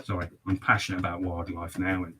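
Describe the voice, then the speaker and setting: A man's voice: deep voice, completely flat delivery, quick pace, noisy background. A man, a barber chatting on a livestream while cutting hair, swearing a lot and ranting in mock outrage.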